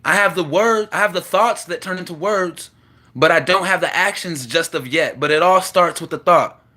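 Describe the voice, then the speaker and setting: A man's voice: sits high, normal speed, bright, forceful tone. A man venting in an impassioned, profane monologue to the camera. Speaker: vlogger.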